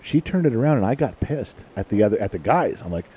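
A man's voice: on the low side, very animated, quick pace, hardly any pauses, husky. A middle-aged man hosting a casual family podcast, a blunt, profane and jokey storyteller talking with his grown kids. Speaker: podcast host and father. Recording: muffled lo-fi recording.

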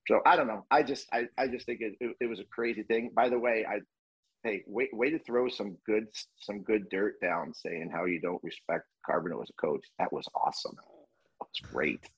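A man guest on a podcast, a former pro hockey player, talking in an excitable way, repeating himself and cutting in. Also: lowish voice, normal speed, husky, no echo, muffled recording. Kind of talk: casual chat.

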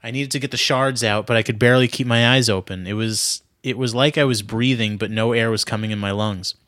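Male podcast host, mid-pitched, doing a mock-serious read of an overwrought story; dry, close mic. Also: fairly even intonation, fairly quick, fairly bright tone, dry recording. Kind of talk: dramatic reading with banter.

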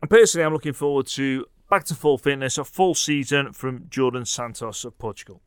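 A man's voice: medium pitch, brisk, clean tone, no room sound, clean studio sound. A man hosting a podcast, chatting casually with teasing, jokey banter. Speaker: podcast host.

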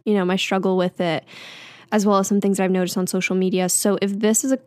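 A woman's voice: mid-range voice, level tone, quick pace, darkish tone, no room sound. A young woman in her twenties hosting a solo podcast, talking in a chatty, candid way with fillers and small laughs. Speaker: podcast host. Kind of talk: casual solo podcast chat.

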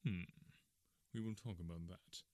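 A man voicing a calm, stern middle-aged male detective in measured, quiet tones in an audiobook. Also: deep voice, no room sound. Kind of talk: audiobook character reading.

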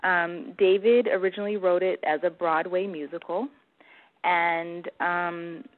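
A woman film producer, a guest on a talk show, telling a story in a steady, detailed way. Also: lowish voice, unhurried. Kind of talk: casual interview chat. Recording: tinny phone line.

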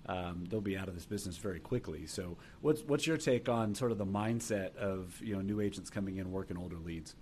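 A man hosting a podcast who explains sales approaches in a measured way. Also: deep voice, darkish tone. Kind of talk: conversational podcast talk. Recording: faint background noise.

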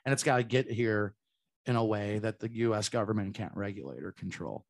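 A man's voice: lowish voice, a little fast. A man chatting casually and laughing on a podcast. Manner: animated, laughing, self-deprecating.

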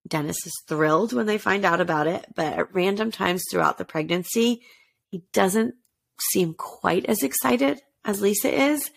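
Gravelly woman telling a story. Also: normal speed. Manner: chatty, acts out quotes with shifts in pitch. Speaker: podcast host telling a true-crime story. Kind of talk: casual storytelling chat.

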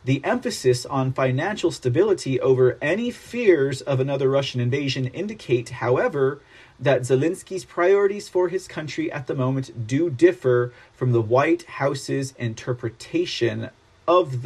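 A man hosting a political news commentary show, reading articles aloud and mocking them in an animated, sarcastic manner. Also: mid-range voice, normal speed, slightly rough.

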